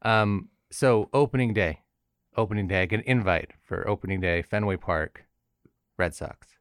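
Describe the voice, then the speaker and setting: Low-voiced man rambling on a podcast. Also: moderate pace, no echo, studio quality. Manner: rambling, self-deprecating, frequent restarts. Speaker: podcast co-host. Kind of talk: casual chat.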